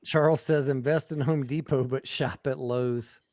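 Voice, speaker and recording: A man's voice: mid-range voice, fairly even intonation, normal speed, a crowd in the background. A man hosting a late-night livestream chat, joking and swearing, tired and reading viewer comments aloud. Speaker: livestream host. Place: home in Texas.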